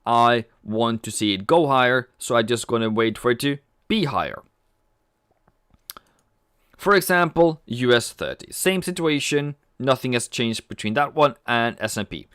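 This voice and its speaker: A man's voice: mid-range voice, animated, normal speed, fairly bright tone, clean tone, no room sound, clean studio sound. A man hosting a casual trading livestream, chatty, reading viewer comments aloud and cracking jokes. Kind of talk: casual live-stream chat.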